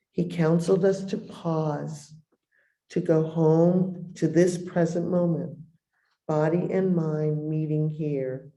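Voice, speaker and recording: Woman, middle-aged, meditation teacher, deep mellow tone, soft guided meditation, roomy echo. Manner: soft, unhurried guiding with long pauses. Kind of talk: dharma talk with guided meditation.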